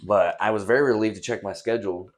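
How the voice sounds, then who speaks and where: A man's voice: lowish voice, quick pace, slight background noise. A young man hosting a casual solo podcast, rambling and swearing freely in a near-empty, echoey bedroom, recorded on a camera set some distance away. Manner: profane, rambling, laid-back. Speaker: podcast host. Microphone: camera set on a stack of drawers some distance away.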